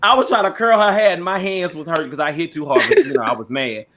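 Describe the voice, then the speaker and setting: A man telling a petty neighbor story in casual chat, animated and swearing freely, acting out what people said. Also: sits high, quick pace, a loud crowd. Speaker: podcast co-host.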